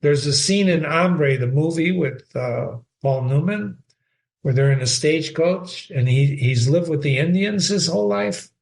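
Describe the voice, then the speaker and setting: An older man talks through a short story in a loose, wandering lecture. His voice sits a little higher than most men's, and he keeps stopping to talk to himself by name. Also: unhurried, vocal fry. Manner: rambling, addresses himself by name. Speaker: host. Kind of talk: informal literature lecture.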